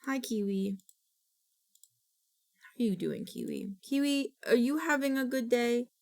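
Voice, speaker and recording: A woman's voice: fairly high pitch, big pitch swings, unhurried, vocal fry. A woman streamer chatting casually on a live stream, rambling and frustrated, sometimes slipping into goofy baby talk.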